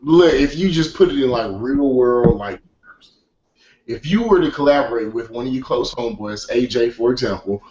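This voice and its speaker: Co-host, man, mid-pitched, frank and profane, lo-fi echoey recording. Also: normal speed. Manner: frank, profane, rambling, teasing. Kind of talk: casual hip hop podcast chat. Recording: echoey lo-fi room mic with faint noise.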